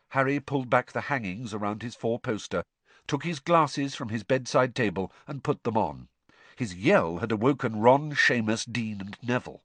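In a dry recording, a man narrates a scripted audiobook with expressive storytelling, his voice mid-range and his speed normal.

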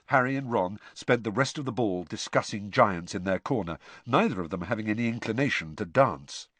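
A man narrates an audiobook in a measured storytelling voice, his pitch rising and falling expressively. The recording is dry and close, with no room sound. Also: animated, fairly bright tone, slightly rough, no echo. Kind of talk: scripted narration.

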